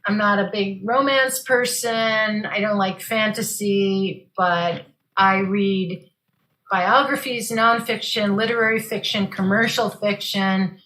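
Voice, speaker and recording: Talkative woman author with a bright, crisp voice, casual panel chat. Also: mid-range voice, fairly even intonation, slow, poor audio. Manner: talkative, repeats words while thinking. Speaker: guest author. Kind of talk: casual video-call chat. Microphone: video call.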